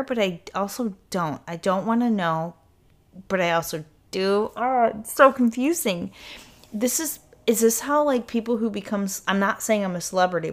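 Rambling, cursing woman podcast host. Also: mid-range voice. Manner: rambling, self-interrupting, swears casually. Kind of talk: casual solo podcast talk.

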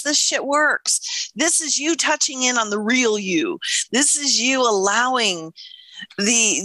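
A woman's voice: sits high, bright, forceful tone, no room sound. A middle-aged woman co-hosting a podcast in casual chat, telling stories animatedly, acting out quotes and swearing casually. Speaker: podcast co-host.

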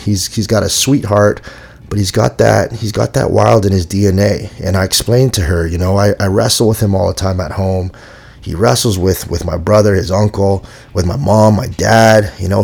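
A man's voice: fairly low pitch, moderate pace, a little mellow. A middle-aged man hosting his own podcast, talking in a candid, laid-back monologue that is full of casual swearing. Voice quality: gravelly, husky. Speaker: podcast host.

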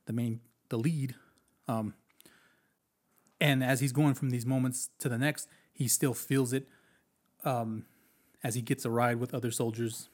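Casting note: easygoing man, mid-pitched voice, animated film chat with acted-out quotes and frequent laughs. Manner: animated, chatty, acts out quotes, laughs often. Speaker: movie reviewer. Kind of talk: casual film review.

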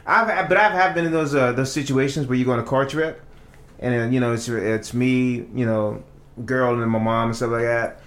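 A man's voice: medium pitch, a little fast, reverberant. A man co-hosting a podcast, telling stories in casual chat with lots of laughter. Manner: animated storytelling, laughing often. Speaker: podcast co-host.

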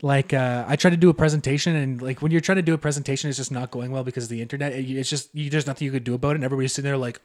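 A man's voice: mid-range voice, steady tone, very fast, hardly any pauses, a little mellow. A young man, co-hosting a podcast in casual chat, ranting animatedly with profanity. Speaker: podcast co-host.

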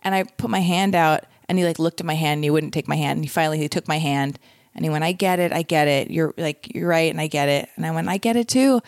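A woman's voice: low-pitched, fairly even intonation, fast, no room sound, studio quality. A young woman telling a story in a casual chat, acting out both sides of the dialogue.

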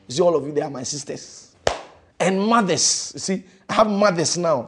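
A male pastor preaching a fervent sermon in a church, repeating phrases and swinging between loud declarations and hushed lines. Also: on the high side, moderate pace, breathy edge.

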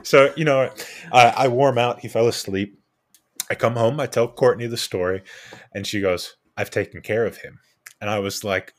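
Young adult male podcast co-host, low register, casual storyteller who acts out the people he quotes. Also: moderate pace, long pauses. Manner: animated anecdote-telling with quoted voices and restarts.

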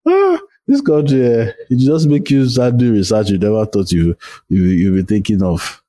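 A man with a Nigerian accent in casual podcast chat, animated and blunt, swearing freely and slipping into Pidgin. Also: on the low side, moderate pace. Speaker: podcast host.

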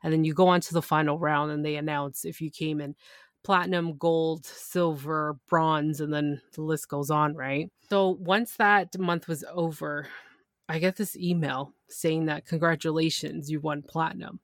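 Excitable woman podcaster telling a story. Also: sits low, normal speed, no echo, studio quality. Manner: animated, excitable retelling. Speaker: podcast host. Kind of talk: casual storytelling.

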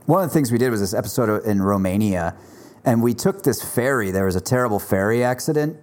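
A man hosting a podcast, telling stories in casual chat with relaxed filler words. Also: fairly low pitch, fast talker. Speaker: podcast host.

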